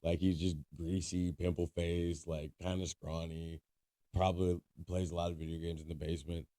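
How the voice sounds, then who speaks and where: A man's voice: level tone, moderate pace, mellow, dry recording, clean studio sound. A man co-hosting a podcast, telling a story casually, swearing freely and laughing as he goes. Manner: swearing, laughing storyteller who bursts high when quoting. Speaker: podcast co-host.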